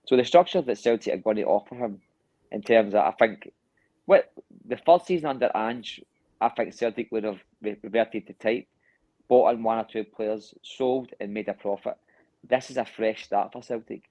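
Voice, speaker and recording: A man gives his views on a podcast in a thoughtful, halting way. His voice is low and warm. The recording is dry and slightly dull. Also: no echo. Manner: thoughtful, hesitant with restarts. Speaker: podcast co-host. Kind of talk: casual podcast chat.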